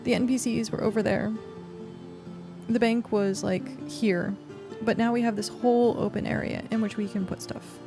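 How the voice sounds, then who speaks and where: A woman's voice: on the high side, steady tone, normal speed, creaky, over music. A woman game streamer in casual, rambling livestream chat, thanking viewers and talking while she plays. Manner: chatty and rambling, with frequent fillers.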